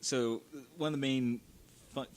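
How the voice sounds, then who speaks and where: A man co-hosting a casual podcast chat, talking in a relaxed, rambling way with lots of fillers. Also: mid-range voice, unhurried, slight background noise. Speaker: podcast co-host.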